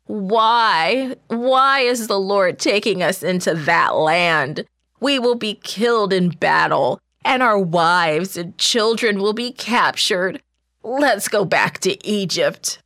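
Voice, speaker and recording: Woman doing a scared wailing crowd in a bible story, loud and pleading. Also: mid-range voice, slow, no room sound, studio quality. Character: frightened crowd of wailing Israelites.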